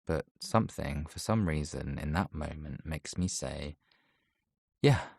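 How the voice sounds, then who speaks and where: A man narrates a first-person audiobook softly and reflectively. His voice sits low, and the close studio recording is dry with no room sound. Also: unhurried, vocal fry, husky, no echo. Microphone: close studio mic.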